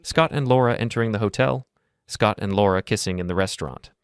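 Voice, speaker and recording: A man narrating a first-person story in a calm, measured, coolly detached way. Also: on the low side, clear, resonant tone.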